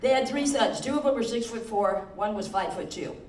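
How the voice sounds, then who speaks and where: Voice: mid-range voice, brisk, darkish tone, slight background noise. Older comic joking in an echoey hall. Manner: self-deprecating, admits nerves, laughs at own punchlines. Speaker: talent show contestant. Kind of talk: stand-up joke telling. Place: senior center hall. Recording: echoey hall, mic far off.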